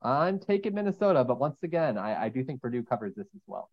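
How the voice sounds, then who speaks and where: A man on a casual sports podcast, talking through his picks in a measured way over a call. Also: medium pitch, very animated, lo-fi sound. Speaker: panelist.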